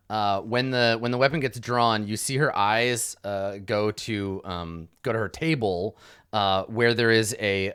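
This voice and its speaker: A man's voice: lowish voice, a bit bright, clear, resonant tone. A young man narrating a tabletop game as game master in a loose, chatty way, with many fillers and restarts.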